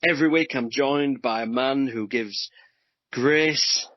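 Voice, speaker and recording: A man's voice: medium pitch, slow, no echo, highs cut off. A man hosting a casual movie podcast, teasing his co-host in a jokey way. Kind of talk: casual chat.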